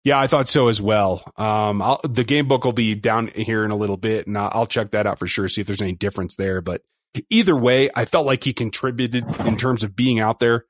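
A man co-hosting a sports podcast, talking through a game in an upbeat, quick, casual way. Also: lowish voice, no room sound, studio quality. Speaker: podcast co-host.

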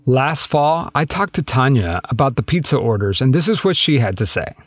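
A man hosting a true-crime podcast, reading scripted narration in a measured, pointed, lightly sarcastic way. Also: medium pitch, very animated, no echo. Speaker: podcast host.

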